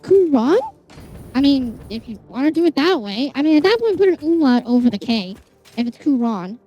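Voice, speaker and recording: A streamer chatting casually with viewers, telling animated, exasperated stories full of swearing. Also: high-pitched, quick pace, highs cut off, soft background music. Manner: animated storytelling, heavy swearing, exasperated rants.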